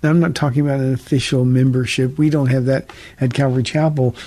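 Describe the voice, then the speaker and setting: A man's voice: mid-range voice, fairly even intonation, fast, warm tone, no echo. A man, a pastor, answering listener questions on a radio call-in teaching show in an earnest, conversational way with frequent restarts.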